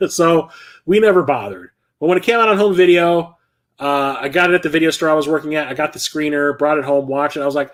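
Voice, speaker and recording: A man's voice: a little high, a little fast. A middle-aged man hosting a stream about his film collection, chatting casually and rambling with lots of fillers and the odd curse.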